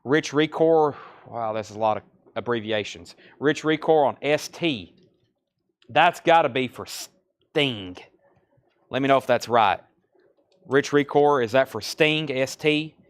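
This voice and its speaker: Brisk Southern man selling records. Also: mid-range voice. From Tennessee. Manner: brisk auctioneer-like listing of prices and buyers. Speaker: live record sale host. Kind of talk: live-stream sales patter.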